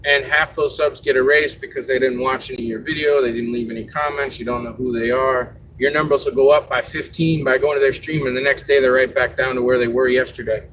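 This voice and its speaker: A man's voice: mid-range voice, steady tone, brisk, hardly any pauses, fairly bright tone, slight background noise, poor audio. Chatty man hosting a live stream. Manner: chatty, rambling, gives advice with fillers. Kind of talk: casual live stream talk.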